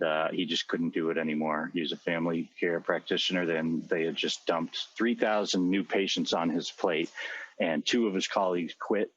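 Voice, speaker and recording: A man's voice: low voice, slightly rough, no room sound, highs cut off. A middle-aged man telling a long personal story in a rambling, earnest way, with many fillers and restarts. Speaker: podcast co-host. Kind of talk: conversational storytelling.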